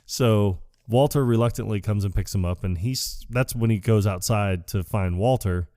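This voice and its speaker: A man's voice: lowish voice, moderate pace, dark tone, dry recording, studio quality. A man co-hosting a podcast, casually retelling a film plot in a rambling way and acting out the characters' lines. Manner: rambling, acts out quoted lines. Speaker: podcast co-host.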